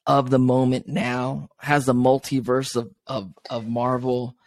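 A man's voice: mid-range voice, level tone, a little slow, no echo. A man hosting a podcast, talking about films in an enthusiastic, rambling way with many fillers. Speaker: podcast host. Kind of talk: casual podcast chat.

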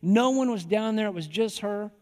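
A man's voice: sits high, moderate pace, a little mellow. A man in his forties preaching a sermon in a conversational, folksy storytelling manner, driving points home with repetition. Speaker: pastor. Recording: long hall reverb.

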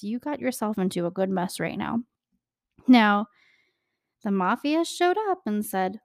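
A young woman hosting a casual true-crime podcast, chatty and animated, laughing often and talking straight to her listeners. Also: medium pitch, measured pace, vocal fry, pauses often, no room sound, clean studio sound. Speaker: podcast host.

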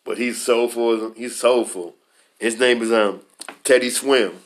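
A man's voice: mid-range voice, steady tone, unhurried. A man co-hosting a casual chat, talking emphatically and exclaiming often. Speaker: co-host.

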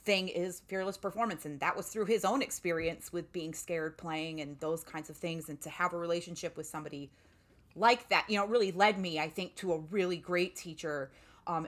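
Speaking at a moderate pace in a low, steady voice, a woman shares a personal story during a casual interview. She's chatty and leans heavily on "like" as a filler.

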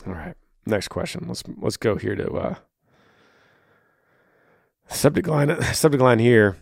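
A man's voice: medium pitch, lively intonation, a little slow, vocal fry, husky, no echo, studio quality. A man with a tired voice, hosting a podcast and answering listener emails in casual, earnest advice talk that sometimes drops almost to a whisper. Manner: earnest, pleading, drops to near-whisper when pressing.

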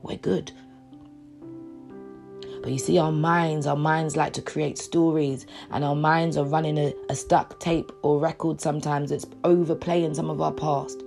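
A woman's voice: low-pitched, little pitch movement, measured pace, creaky. A woman giving an uplifting talk and reading her own poem, repeating phrases and dropping to a whisper at times. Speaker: motivational speaker. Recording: soft guitar music behind.

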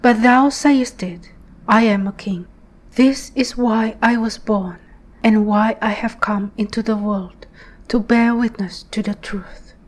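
A woman voicing a gentle, sorrowful grown man in a devotional scripture reading, speaking softly and often dropping into a whisper. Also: sits high, steady tone, slow pace, rough recording. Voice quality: soft, partly whispered.

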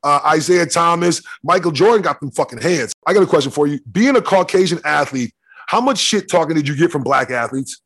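A man from Michigan co-hosting a casual podcast, brash and profane, talking fast and steering the conversation. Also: on the high side, expressive, a bit bright, breathy edge. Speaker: co-host, former football player.

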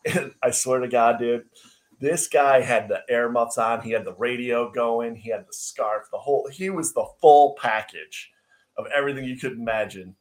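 Man, podcast co-host, casual storytelling, laughs a lot, mid pitch. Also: moderate pace. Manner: animated storyteller who laughs easily and says "dude".

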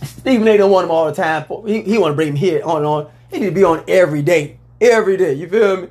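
A man hosting a casual sports talk show, talking in a loose, rambling way and letting out loud whoops. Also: high voice, fast.

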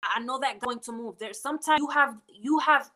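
A woman's voice: on the high side, normal speed, bright, forceful tone. A woman guest on a faith talk show, speaking earnestly and exhorting listeners, with frequent hesitant restarts.

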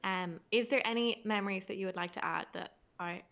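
A woman's voice: mid-range voice, fairly quick, fairly bright tone. A young Irish woman in her twenties hosting a podcast, chatty and giggly, rambling with many fillers. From Ireland. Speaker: podcast host. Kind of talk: casual chat.

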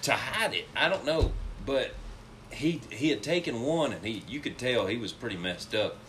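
A man's voice: mid-range voice, animated, normal speed, fairly bright tone, slight background noise. A young man, casually telling a rambling story and laughing through it.

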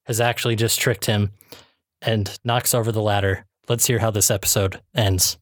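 A man's voice: lowish voice, level tone, moderate pace, dry recording, clean studio sound. A man hosting a podcast in casual chat, chatty with many fillers and frequent laughs. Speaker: podcast host reviewing episodes.

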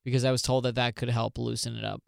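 A man's voice: mid-range voice, flat delivery, quick pace, vocal fry, smooth, no echo, clean studio sound. A young man co-hosting a podcast in casual chat, joking and swearing freely. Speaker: podcast co-host.

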